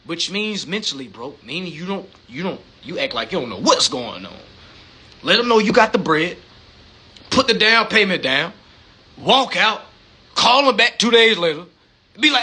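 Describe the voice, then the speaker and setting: Male livestream host, husky and bright-toned, high lively delivery, profane and animated. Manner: profane, animated, acts out phone calls. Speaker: social media live host. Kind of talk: casual livestream talk.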